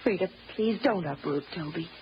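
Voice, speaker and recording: A woman's voice: fairly low pitch, expressive, normal speed, a little hiss or hum. An actress playing a refined, indulgent widowed mother of the house in an old radio drama, speaking in a pleading, soothing way. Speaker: lady of the house. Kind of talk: 1940s radio acting. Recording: muffled old radio broadcast.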